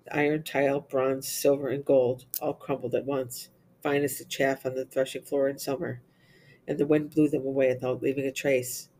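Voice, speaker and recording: A man reciting the Divine Office, reading psalms and lessons in English with Latin responses, in a steady, even recitation. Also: mid-range voice, a little hiss or hum. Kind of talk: reciting liturgical prayer and psalms.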